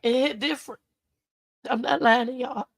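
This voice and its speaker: A livestream host, near tears, pours out heartfelt thanks to her viewers, addressing them as y'all and baby in casual, emotional talk. Her voice sits on the high side with a steady tone, vocal fry, and normal speed, and there's no echo.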